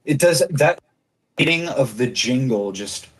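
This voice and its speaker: A man's voice: medium pitch, lively intonation, measured pace, background noise. A man narrating a tabletop role-playing game as game master, casual and playful, often chuckling.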